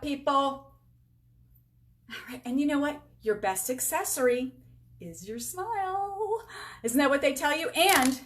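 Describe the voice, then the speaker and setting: A woman in her forties giving a casual live-stream makeup tutorial, chatty and upbeat, talking to herself and her viewers as she works. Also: high-pitched. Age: 40s. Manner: chatty, talks to herself and viewers while working; upbeat, self-teasing. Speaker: beauty sales rep demonstrating makeup. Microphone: camera with a halo light.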